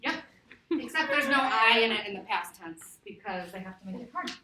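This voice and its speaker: A woman teacher giving a classroom lesson, lively and laughing, stretching words out slowly to model them. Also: mid-range voice, a crowd in the background. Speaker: Spanish teacher. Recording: echoey classroom from far off.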